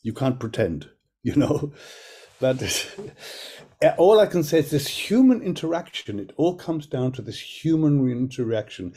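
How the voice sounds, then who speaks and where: An older man, a choreographer appearing as a guest speaker, gives a reflective talk over a video call, sharing candid stories about his work and often restarting his sentences. His mid-range voice is mellow and slightly rough, with a sing-song lilt and a measured pace.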